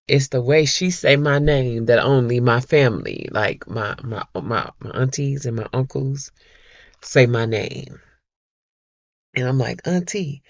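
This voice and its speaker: A middle-aged woman vlogger chatting to her viewers, telling a personal story in a slow, heartfelt way and calling them y'all. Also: extremely low pitch, vocal fry, dry recording, muffled recording. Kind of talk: casual chat to viewers.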